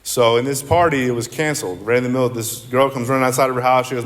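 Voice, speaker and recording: A man's voice: medium pitch, fairly even intonation, fast. Man sharing his story in an echoing hall. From central New Jersey. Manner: rambling, candid, self-deprecating. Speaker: AA speaker. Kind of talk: personal recovery talk. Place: meeting hall. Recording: long hall reverb.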